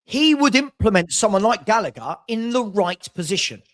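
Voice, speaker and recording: A man's voice: high voice, very animated, normal speed, fairly bright tone. A man hosting a casual football chat stream, arguing his points emphatically with rhetorical questions. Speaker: podcast host.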